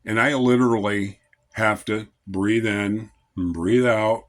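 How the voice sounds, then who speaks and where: A man giving an informal devotional talk as a Christian lay speaker, in a calm, measured, conversational way. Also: lowish voice.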